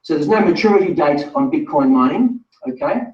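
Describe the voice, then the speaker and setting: A man's voice: a little high, animated, a little fast. A man presenting a live online webinar, talking straight to viewers in a chatty, self-correcting way. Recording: distant roomy lo-fi sound.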